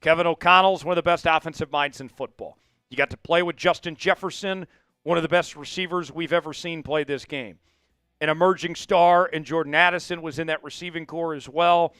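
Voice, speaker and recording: A man hosting a live sports show, hyped and talking straight to his viewers. His voice is bright and crisp, a little higher than most men's. It is recorded dry on a close mic, with faint music underneath. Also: normal speed, dry recording. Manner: energetic, hyped delivery with frequent asides to viewers. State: voice cracking, coughing fits.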